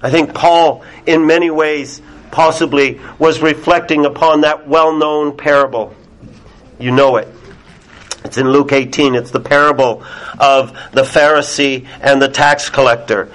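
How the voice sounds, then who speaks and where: A male preacher delivers a sermon to a small congregation. He speaks slowly and emphatically in a slightly high voice. He lets his voice fall almost to a whisper on the words he wants to land. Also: steady tone. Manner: deliberate, emphatic, drops very soft on key words.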